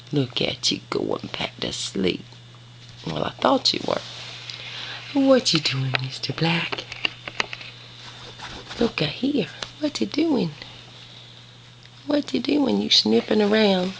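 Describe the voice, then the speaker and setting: A woman's voice: medium pitch, very animated, a little slow, gravelly, long pauses, slight background noise. A woman filming her puppies at home on a handheld camera, cooing baby talk at them and explaining them as a breeder. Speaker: dog breeder. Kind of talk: home video narration.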